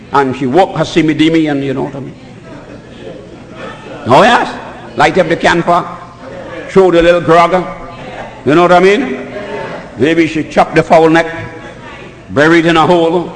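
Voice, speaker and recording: A man preaching a sermon, telling a story dramatically, acting out the voices and rising to shouts. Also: sits high, in a large hall, low-quality recording.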